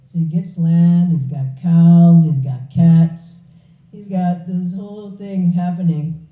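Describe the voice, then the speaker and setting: A woman giving a public spiritual talk, an animated storyteller who laughs along with her own story. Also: lowish voice, slow pace. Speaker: spiritual speaker. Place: hall. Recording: echoey hall, distant, dull.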